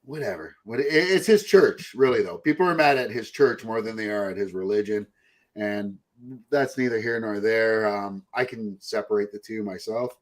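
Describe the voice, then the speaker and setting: Fairly low in pitch and moderately paced, this man hosts a podcast. It's loose, profane, meandering chat, punctuated by voices he puts on to mock people.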